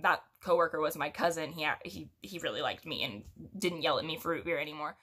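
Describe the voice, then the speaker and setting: A woman's voice: deep voice, a little fast, bright, forceful tone, breathy edge. A young woman telling a casual story to her viewers, chatty and rambling, with giggles and restarts. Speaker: storytime vlogger.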